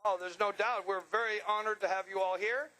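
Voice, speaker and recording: A man's voice: high voice, steady tone, a little fast, bright, forceful tone, poor audio. A man announcing and interviewing racers in a drag strip winner's circle, joking and bantering with brash energy. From Long Island, New York. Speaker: track announcer.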